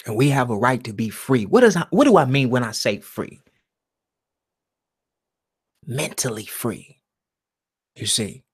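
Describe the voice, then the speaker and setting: Alone at home, a man hosts a live stream with a slow, meditative monologue that swings from loud emphasis to a near-whisper. His voice is medium-pitched.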